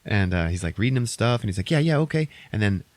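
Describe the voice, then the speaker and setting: A man hosting a podcast, recapping a movie in casual chat, swearing often and acting out quotes in an animated way. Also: on the low side, fast talker, dry recording. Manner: profane, animated retelling with put-on quotes. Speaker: podcast host.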